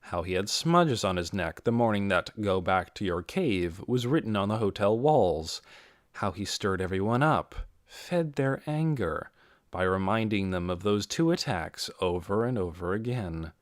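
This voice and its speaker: A man reading an audiobook in a measured way, giving key phrases slow, deliberate emphasis. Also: on the low side, lively intonation, no echo, clean studio sound. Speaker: audiobook narrator. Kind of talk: scripted narration.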